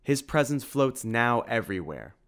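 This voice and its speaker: A man voicing a big, gruff shopkeeper with a growling, bear-like voice and formal, old-fashioned speech, in an audiobook reading. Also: mid-range voice, big pitch swings, normal speed, fairly bright tone, pitched above the performer's own voice.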